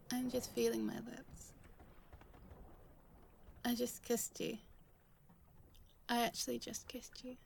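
Slow, halting woman in role-play. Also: fairly high pitch, flat delivery, vocal fry, slight background noise. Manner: halting, stammering, emotional, swears a lot. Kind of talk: audio role-play addressed to the listener.

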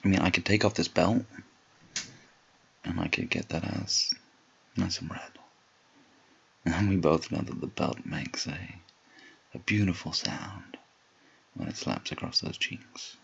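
Man, deep and husky, whispered role-play, slow and dominant, teasing tone, muffled lo-fi take. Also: a bit bright. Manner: slow, low murmured delivery.

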